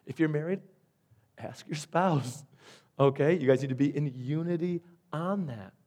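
A man's voice: fairly high pitch, unhurried, darkish tone. A male pastor preaching a sermon, stressing and repeating his key points. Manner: emphatic, repeats key phrases.

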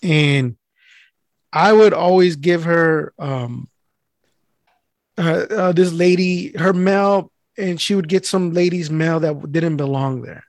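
A man's voice: fairly high pitch, takes it slowly, no echo, studio quality. Foul-mouthed man telling a story. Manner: profane, animated, acts out voices of people in his story. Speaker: mail carrier telling a story. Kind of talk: casual storytelling chat.

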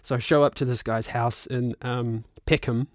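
A man in his thirties with a New Zealand accent, telling a long casual story as a podcast guest, animated, laughing and swearing freely. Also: mid-range voice, moderate pace, no room sound, clean studio sound. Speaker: guest musician and actor.

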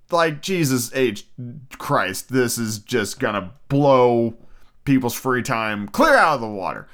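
A man with a mid-range, slightly bright voice runs a podcast by himself, delivering an energetic, casual rant. He swears a lot and keeps making jokes at his own expense.

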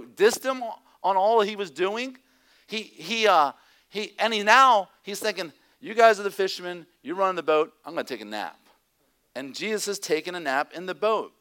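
A male pastor preaching a sermon in an animated way, sometimes dropping to a hushed, near-whispered tone. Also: high voice, clean tone.

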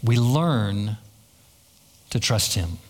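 A man's voice: on the low side, animated, extremely slow. A man preaching a sermon as pastor, telling stories and acting out quoted lines with a lot of repetition. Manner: storytelling with acted-out quotes and repetition.

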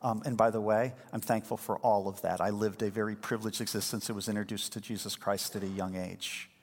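Pastor preaching in a reverberant hall. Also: male voice, lowish voice, fairly quick. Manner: lively storytelling, acts out quoted speakers. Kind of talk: sermon. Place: church sanctuary.

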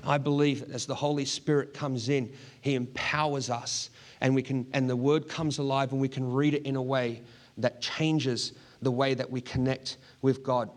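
A man's voice: mid-range voice, little pitch movement, normal speed. Earnest man preaching. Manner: earnest, laughs often while telling a story. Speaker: pastor. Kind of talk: sermon storytelling.

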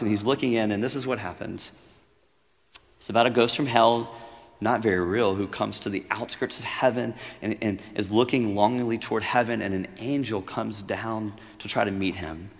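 Man reading a story in a retreat sermon, gravelly voice, lots of hall echo. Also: lowish voice. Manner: earnest, reflective, growing quiet and intimate. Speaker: retreat speaker. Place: room at a retreat.

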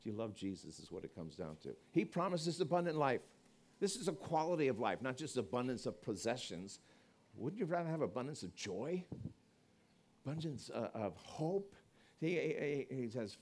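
A man preaching a conversational evangelistic sermon, swinging between loud emphasis and quiet asides. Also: medium pitch, big pitch swings, normal speed.

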